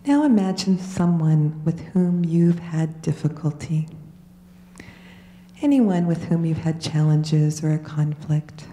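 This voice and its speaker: Woman, slow mellow guided-meditation voice, gentle delivery, echoey hall. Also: deep voice, slight background noise. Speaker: meditation leader. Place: large hall.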